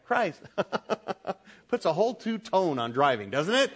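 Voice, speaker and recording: A man's voice: high-pitched, big pitch swings, slow, pauses often, breathy edge. Emphatic middle-aged male preacher. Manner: emphatic, rising to loud peaks and dropping to quiet asides; humorous, talks directly to the congregation. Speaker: pastor. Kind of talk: sermon.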